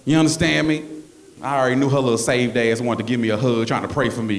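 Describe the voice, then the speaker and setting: A male comedian telling animated stories on stage, yelling out punchlines, with a handheld mic. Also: medium pitch, quick pace, noisy background. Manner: loud, animated storytelling with yelling bits. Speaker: stand-up comedian. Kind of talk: stand-up comedy set. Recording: roomy club with loud audience laughter.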